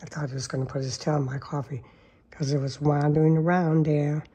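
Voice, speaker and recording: Cat mom, low husky voice, cooing and whispering pet talk at home. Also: female voice, level tone, brisk, warm tone. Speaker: cat owner filming her cats. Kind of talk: casual baby talk to pets. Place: home, at a table with coffee.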